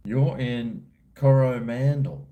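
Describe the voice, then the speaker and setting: A man's voice: medium pitch, slow, muffled recording. An Australian man hosting a live stream, chatting casually with viewers in a rambling, slangy, laid-back way. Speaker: livestream host.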